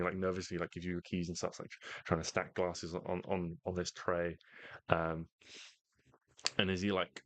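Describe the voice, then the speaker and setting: A man narrating as game master of a tabletop game, halting and full of fillers. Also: deep voice, fairly bright tone, no echo.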